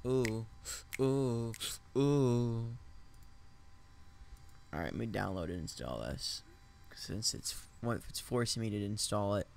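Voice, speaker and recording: A man's voice: lowish voice, big pitch swings, moderate pace, creaky, a little hiss or hum. A man streaming a game and chatting casually with a friend, joking and chuckling as he goes.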